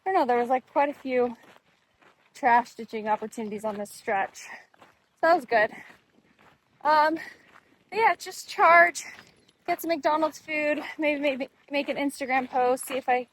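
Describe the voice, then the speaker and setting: A woman's voice: high-pitched, moderate pace, long pauses, fairly bright tone. A woman vlogging on a desert mountain trail, chatty and exclaiming often at the views while she walks with a handheld camera. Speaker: thru-hiker vlogger. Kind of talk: casual trail vlog narration.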